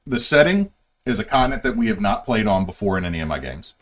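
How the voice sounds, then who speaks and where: A man's voice: fairly low pitch, big pitch swings, fast, a bit bright. A man as game master, casually walking his players through setting lore with plenty of fillers and restarts. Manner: rambling, filler-heavy explaining. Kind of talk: casual session-zero lore briefing.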